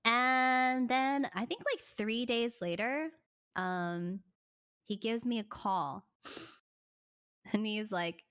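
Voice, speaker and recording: A woman streamer casually telling a personal story, animated, swearing and full of "like" fillers. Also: on the high side, takes it slowly, long pauses, smooth.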